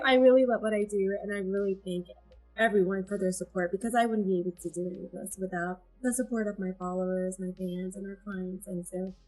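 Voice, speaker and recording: A woman's voice: mid-range voice, rough recording. A woman guest, a photographer, talking in an earnest, heartfelt way in a casual interview, rambling a little with fillers. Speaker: guest, photographer and agency founder.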